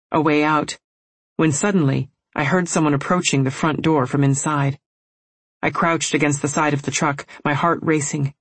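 A woman reading a first-person novel aloud in a measured, emotional storytelling manner. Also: deep voice, husky, dry recording. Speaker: audiobook narrator.

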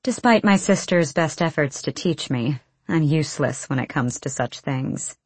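A woman's voice: low voice, lively intonation, darkish tone, husky, no room sound, heavily acted. A woman reading the lines of a guarded, wry young woman warrior in an audiobook. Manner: wry, measured.

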